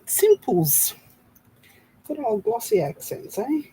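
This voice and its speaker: A woman's voice: on the high side, wildly swooping pitch, slow pace, warm tone, slight background noise, poor audio. A woman hosting a casual crafting livestream, chatting and greeting viewers by name as she works.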